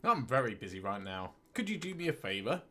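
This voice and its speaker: A man's voice: fairly low pitch, sing-song, fairly quick, sharp tone, exaggerated voice. A man reading out a game's bookworm, busy and distracted, hooked on his novel.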